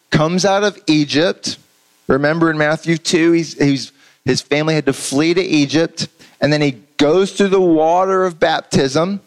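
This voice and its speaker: A man's voice: fairly high pitch, rough recording. A man preaching a sermon in a conversational, earnest way, often restarting his phrases and asking the congregation questions. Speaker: pastor.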